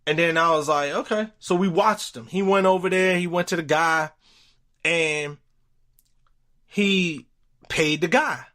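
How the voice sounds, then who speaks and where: A young man hosting a podcast, telling a story in a casual, profane, animated way. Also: a little high, unhurried, pauses often. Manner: animated, profane, retells quotes with voice jumps. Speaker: podcast host.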